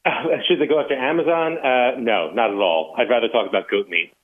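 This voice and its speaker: A man's voice: medium pitch, brisk. Man telling a story over a phone line. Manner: easygoing, anecdotal. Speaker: caller. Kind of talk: call-in storytelling.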